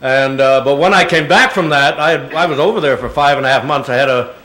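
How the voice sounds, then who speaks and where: A man's voice: a little high, brisk, sharp tone. An older man, a guest speaker, answering audience questions with rambling, chuckling stories full of fillers. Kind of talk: public Q&A talk. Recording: echoey hall sound.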